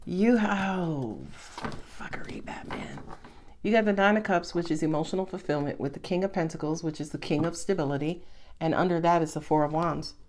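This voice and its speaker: A woman's voice: sits low, fairly even intonation, fast talker, a little mellow, slight background noise. A woman giving a casual tarot reading to her viewers, talking bluntly and chattily and laughing often. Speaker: tarot reader.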